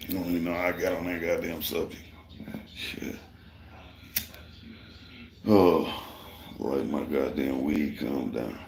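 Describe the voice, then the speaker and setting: A man's voice: very deep voice, flat delivery, takes it slowly, vocal fry, long pauses, a little mellow. A middle-aged man telling a profane, heated work story to viewers of a live stream. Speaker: construction worker and livestreamer. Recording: roomy echo.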